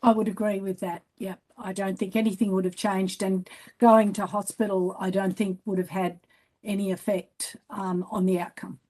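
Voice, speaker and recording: A woman's voice: medium pitch, little pitch movement, normal speed, mellow. An Australian woman giving expert medical testimony at an inquest, concise and matter-of-fact.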